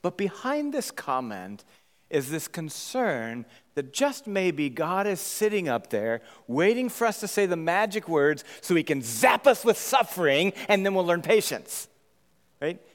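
A man's voice: sits high, a little slow, big-room sound. A man preaching a sermon, telling a story casually and adding "right?" to his points. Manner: conversational, animated storytelling with rhetorical "right?". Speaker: pastor. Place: church sanctuary.

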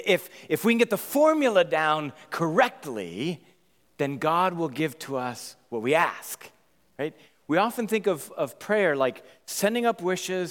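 Man, pastor, conversational sermon, slightly high voice, long hall reverb. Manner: conversational, animated storytelling with rhetorical "right?". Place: church sanctuary.

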